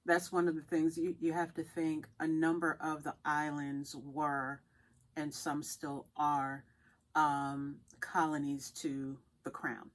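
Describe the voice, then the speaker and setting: A woman's voice: low voice, completely flat delivery, slow. A woman co-hosting a podcast, talking things through thoughtfully in casual chat. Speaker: podcast co-host.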